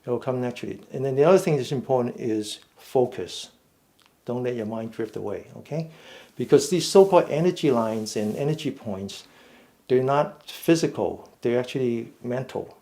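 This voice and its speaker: A middle-aged man leading a seated mindful fitness class, giving slow, patient step-by-step cues. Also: mid-range voice, animated, mellow. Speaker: fitness and meditation instructor. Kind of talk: guided seated exercise class.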